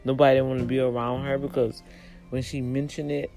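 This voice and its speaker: A woman casually retelling a story, lively and expressive, acting out the people in it and dropping in religious asides. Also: brisk, faint music behind, rough recording. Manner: animated, acts out quoted voices with big pitch jumps.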